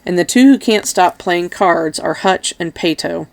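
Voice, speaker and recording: Woman reading as gruff mercenary captain Doc. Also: on the low side, a little slow, dry recording. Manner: blunt, commanding.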